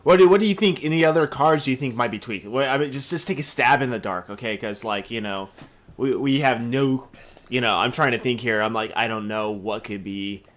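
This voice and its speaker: A man's voice: medium pitch, fairly quick, a bit bright. Hesitant streamer man, casual podcast guest. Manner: hesitant, trails off, many fillers and restarts. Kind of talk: casual gaming podcast chat.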